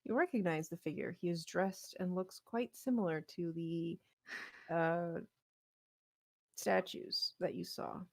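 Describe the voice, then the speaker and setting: A woman running a tabletop game as game master, describing scenes in a measured way. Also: fairly low pitch, steady tone, creaky, no room sound.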